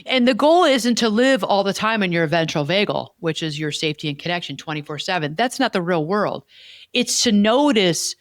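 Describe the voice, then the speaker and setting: A woman's voice: on the low side, animated, normal speed, no room sound. Lady therapist teaching on a podcast, repeats points, keeps saying okay, dry close sound. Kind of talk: explanatory podcast talk.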